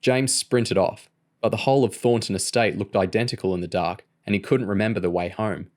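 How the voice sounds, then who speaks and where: A man reading a novel aloud in a steady storytelling manner. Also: on the low side, brisk. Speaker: audiobook reader. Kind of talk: audiobook narration.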